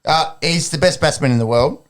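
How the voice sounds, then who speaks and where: A man's voice: on the high side, brisk. An Australian man co-hosting a sports podcast, chatting casually in a joking, rambling way and swearing freely. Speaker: podcast co-host. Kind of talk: casual chat.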